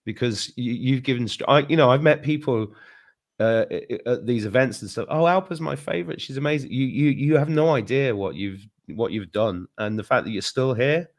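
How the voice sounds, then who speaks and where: A man's voice: mid-range voice, normal speed. A man guest in a casual chat, earnestly praising the host, repeating himself and swearing now and then.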